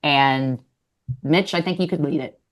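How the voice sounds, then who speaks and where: Low-voiced woman, measured panelist. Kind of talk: panel discussion. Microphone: webinar call.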